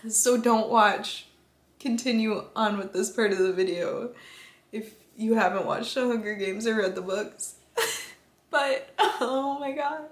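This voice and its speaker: Young female vlogger, unhurried, giggles, swears offhand, gushes; echoey room sound. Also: on the high side. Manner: giggly, casual swearing, gushing. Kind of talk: casual vlog chat.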